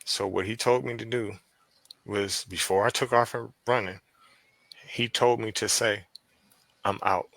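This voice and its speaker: A man with a Pennsylvania accent, a podcast guest telling a story in casual chat, profane and animated as he acts out quoted dialogue. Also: fairly low pitch, measured pace, gravelly, pauses often, no room sound.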